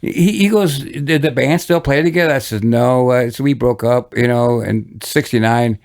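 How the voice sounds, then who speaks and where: A man's voice: mid-range voice, moderate pace, gravelly, a little mellow. An older man from Michigan, a guest musician telling long, rambling stories in a casual interview, with many restarts and chuckles. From Michigan, USA.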